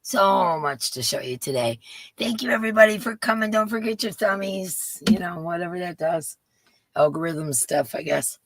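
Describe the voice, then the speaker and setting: A woman hosting a casual crochet livestream, greeting viewers by name and chatting with frequent laughs, her voice rough today. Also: lowish voice, moderate pace, slight background noise. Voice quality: gravelly. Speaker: livestream host. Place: home craft room.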